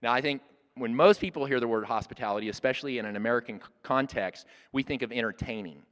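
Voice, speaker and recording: A man in his sixties teaches in an earnest, plain-spoken way, sometimes restarting a phrase mid-thought. His voice sits at a middle pitch for a man. A long hall reverb trails after his words. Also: quick pace, fairly bright tone. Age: 60s. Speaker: church workshop speaker. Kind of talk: conversational teaching talk.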